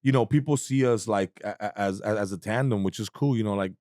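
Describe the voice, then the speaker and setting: A man's voice: fairly low pitch, a little fast, darkish tone, no echo, clean studio sound. A young adult man, a comedian guest, telling stories in casual chat with a laid-back, profane manner and lots of fillers.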